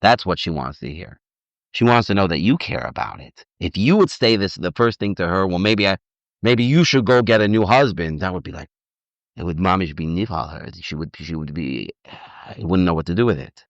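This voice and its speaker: A man giving an informal lecture as a rabbi, animated and repetitive, often acting out little dialogues, on a dull, dry recording. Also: low voice, fairly quick, no room sound. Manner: animated, repeats words, acts out dialogue. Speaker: rabbi teaching on marriage. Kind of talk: informal lecture with audience questions.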